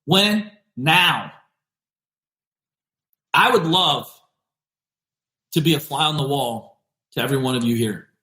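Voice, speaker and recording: A male podcast host giving an energetic, emphatic motivational business talk, repeating punchy phrases. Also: mid-range voice, takes it slowly, long pauses, reverberant.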